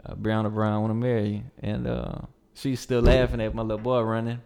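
A man's voice: on the low side, little pitch movement, a little fast, creaky, a little mellow, clear, resonant tone. A young man telling a long story in a laid-back, slangy way, full of fillers and restarts. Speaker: podcast guest. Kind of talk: casual storytelling.

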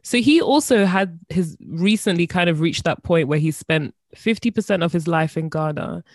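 A woman's voice: on the low side, expressive, normal speed, darkish tone, no echo, studio quality. A woman hosting a podcast interview in a casual way, chatty and full of fillers like "like" and "you know". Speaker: podcast host.

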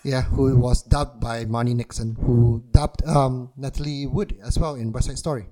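Brief: male podcast co-host, easygoing, quick to laugh, mid-pitched voice. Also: a crowd in the background, poor audio. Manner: relaxed, chatty, laughs often. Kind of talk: casual film podcast chat.

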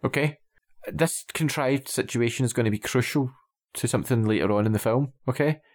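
A man's voice: mid-range voice, fairly quick, darkish tone. Exasperated, sarcastic man critiquing a film. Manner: exasperated and sarcastic, keeps asking "okay?" and "right?"; swears casually. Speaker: podcast co-host. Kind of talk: casual film critique chat.

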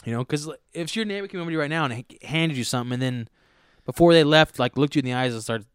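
A man telling stories in casual podcast chat, profane and animated, acting out what people said. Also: a little high, quick pace, smooth, no room sound, studio quality. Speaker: podcast co-host.

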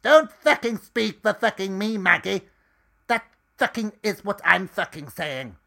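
Man acting out a bossy swearing woman, loud, high, bright. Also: normal speed. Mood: indignant. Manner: shouting, swears in every phrase. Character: foul-mouthed bossy woman, hotel owner's sister.

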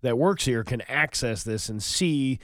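A man's voice: medium pitch, a little slow, dry recording, clean studio sound. A man co-hosting a morning radio show, reading odd news stories and cracking playful innuendo. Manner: playful, innuendo-laden, lively delivery. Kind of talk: reading news items and joking.

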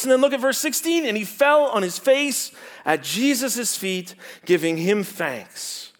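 A man preaching a sermon as pastor, animated and teacherly, asking the congregation rhetorical questions and dropping from loud emphasis to quiet stresses. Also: sits high, measured pace.

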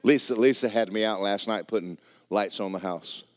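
A man preaching a sermon, swinging from loud exhortation to quiet, joking asides. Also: lowish voice, normal speed, no echo.

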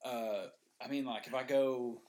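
A man's voice: medium pitch, steady tone, unhurried, a little mellow. A man co-hosting a casual podcast, rambling with restarts and fillers. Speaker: podcast co-host. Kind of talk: casual chat.

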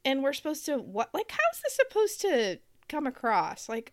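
A woman's voice: high-pitched, wildly swooping pitch, unhurried, no echo, clean studio sound. A woman co-hosting a casual talk show, ranting sarcastically and laughing as she talks. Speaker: podcast co-host. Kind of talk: casual chat.

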